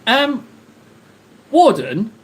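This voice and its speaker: A man's voice: very high voice, wildly swooping pitch, very slow. A man hosting a live stream, chatting casually and rambling jokily straight to his viewers from his hobby desk at home. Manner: rambling, jokey, chatty, talks to chat directly. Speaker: livestream host.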